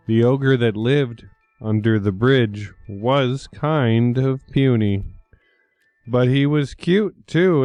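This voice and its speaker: A man reading a children's picture book aloud in a slow, expressive storytelling voice. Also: mid-range voice, dry recording.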